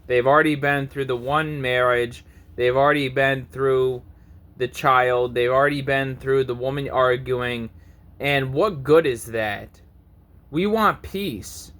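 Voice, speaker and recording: A man's voice: mid-range voice, a bit bright. A man in his thirties ranting to camera in a preachy, confrontational vlog monologue, swearing often. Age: 30s. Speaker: vlogger.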